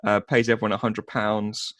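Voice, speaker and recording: A man's voice: lowish voice, little pitch movement, moderate pace, a bit bright, no room sound, studio quality. A man co-hosting a casual film review chat, hesitant with many ums and restarts, and sarcastic. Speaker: podcast co-host.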